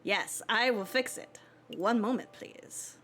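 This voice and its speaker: A woman's voice: medium pitch, slow. A woman streaming a video game live, chatting casually with a giggly manner and reading the game text aloud.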